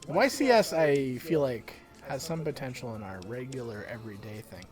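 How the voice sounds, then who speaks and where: A man's voice: mid-range voice, expressive, normal speed, music in the background. A man streaming a game, joking around and swearing casually as he plays. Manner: profane, joking banter. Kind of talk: casual gameplay chat.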